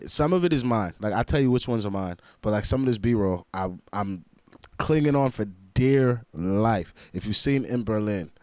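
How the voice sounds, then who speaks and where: A man with a fairly low voice gives laid-back, slangy commentary on a music track, filling his talk with "like." The sound is dry and close, with no room echo. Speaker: reaction video host and rapper. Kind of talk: casual reaction commentary.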